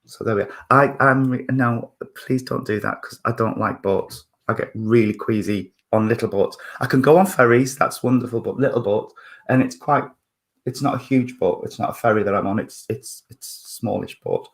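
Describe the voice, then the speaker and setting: Male medium at a service, mid-pitched voice, gentle, halting, apologetic, lots of ums. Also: gravelly. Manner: hesitant, full of fillers and restarts, apologetic, chuckling. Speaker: spiritualist medium. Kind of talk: mediumship demonstration at a church service.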